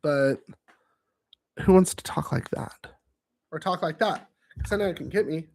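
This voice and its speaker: A man hosting his own vlog, chatting casually on camera into a studio microphone on a stand, jokey and self-amused, with sudden loud exclamations. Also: a little high, moderate pace, creaky, pauses often, noisy background. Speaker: show host.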